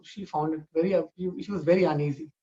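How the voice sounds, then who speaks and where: A man's voice: a little high, fairly even intonation, fast talker, dark tone, dull audio. Man telling a family story. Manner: conversational, frequent "you know" and restarts.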